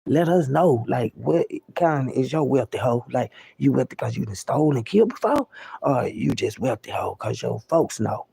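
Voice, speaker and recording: A woman's voice: a bass voice, animated, moderate pace, gravelly, warm tone, slightly rough, dry recording. A woman delivering an unscripted monologue rant to the camera, profane and preachy, with repeated words for emphasis, often calling listeners "baby.". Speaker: vlogger.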